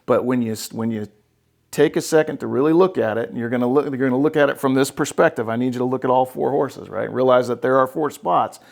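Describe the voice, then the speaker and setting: A man with a gravelly, creaky voice in a mid-range pitch hosts a podcast as a no-nonsense therapist. He talks bluntly, swears freely and keeps tagging his points with "right?". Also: fast talker, a little mellow. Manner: blunt, profane, emphatic, keeps checking with "right?". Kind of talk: casual podcast conversation.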